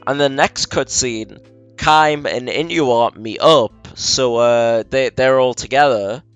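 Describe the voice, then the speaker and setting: A man with a smooth, clear voice tells a story in loose, rambling chat among friends. He drops into quick quoted impressions of the characters. Faint music plays behind him. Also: medium pitch, no room sound. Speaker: friend explaining a game plot. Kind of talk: casual drunken chat.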